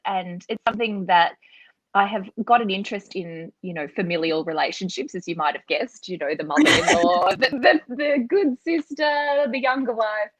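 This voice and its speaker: A woman's voice: medium pitch, no echo. An Australian woman author answering interview questions in a chatty, reflective way, over slightly dull video call audio. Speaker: author, guest.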